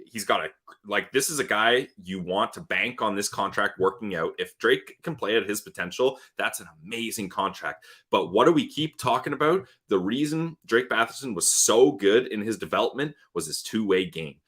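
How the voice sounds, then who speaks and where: A man co-hosting a live hockey show, talking fast and emphatically about the team. His voice is bright and forceful, and he keeps the energy up in a casual chat tone. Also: on the low side, breathy edge. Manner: excited, emphatic hockey analysis. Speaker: podcast co-host. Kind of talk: casual sports talk livestream.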